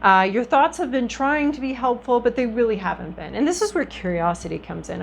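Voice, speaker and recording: Woman with a gravelly voice reading tarot. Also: a little high, animated, a little fast, few pauses, a little hiss or hum, rough recording. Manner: chatty and reflective, with frequent ums and restarts. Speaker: tarot reader. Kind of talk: casual tarot reading to camera.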